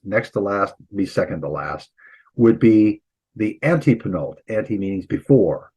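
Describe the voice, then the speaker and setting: A man's voice: lowish voice, a little mellow, husky, rough recording. A man teaching an online Greek lesson as instructor and pastor, explaining patiently with informal asides. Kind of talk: online lecture.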